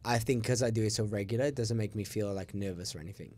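A man hosting a podcast, chatting in a relaxed way about teaching. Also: fairly low pitch, quick pace, a little hiss or hum. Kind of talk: casual podcast conversation.

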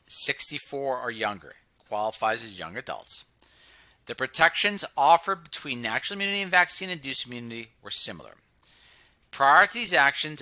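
A man with a very bright, forceful voice reads a research paper aloud for his channel, breaking off to add his own comments. He repeats and restarts words often, and slows right down to drive key phrases home. The sound is dry and close, with no room in it. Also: medium pitch, no room sound. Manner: reads passages aloud with frequent stumbles and asides. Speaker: channel host reviewing research. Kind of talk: reading aloud and commenting on a study.

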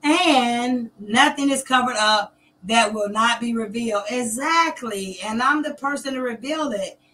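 A woman's voice: fairly high pitch, a little slow, a bit bright, a little hiss or hum. A middle-aged woman from Georgia, ranting to camera in a confrontational, taunting way. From Columbus, Georgia, US. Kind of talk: direct-to-camera rant.

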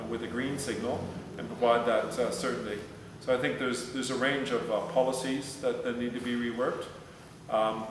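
A man presenting and answering audience questions, halting with many restarts and fillers. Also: mid-range voice, a bit bright, distant mic. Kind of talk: talk Q&A at a meetup. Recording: echoey hall with faint noise.

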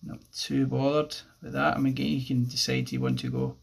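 A man with an Irish accent explaining a pencil drawing step by step as he works, relaxed and thinking aloud. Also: medium pitch, fairly quick, vocal fry, slightly rough. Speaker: art teacher. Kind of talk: drawing tutorial narration.

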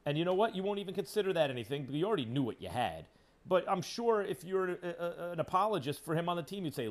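A man's voice: on the high side, big pitch swings, very fast. A man hosting sports talk radio, ranting with sarcasm and heat. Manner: emphatic, sarcastic, heated.

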